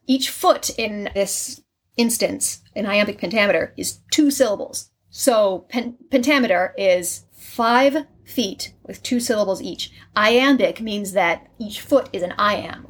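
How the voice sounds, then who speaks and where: A woman who acts Shakespeare, talking casually and explaining her craft with many fillers. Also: medium pitch. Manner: chatty, animated, many fillers. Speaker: Shakespeare actor, guest. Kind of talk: casual conversation.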